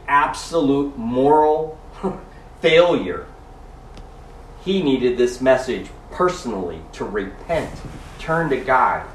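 A man's voice: mid-range voice, a little hiss or hum. A man preaching a sermon, reading scripture aloud and adding emphatic, chuckling asides. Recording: roomy echo from a distance.

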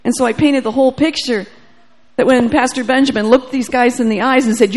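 A woman preacher shares a testimony before a church audience. Her voice sits a little high with a gravelly, creaky texture. She acts out the dialogue as she tells the story. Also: expressive, brisk. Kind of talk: sermon testimony.

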